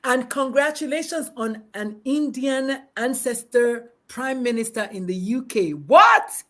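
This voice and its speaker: A middle-aged woman hosting a live-streamed casual chat from her backyard, bubbly and animated, laughing often and restarting sentences. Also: a little high, a little slow. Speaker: talk show host. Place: backyard, outdoors.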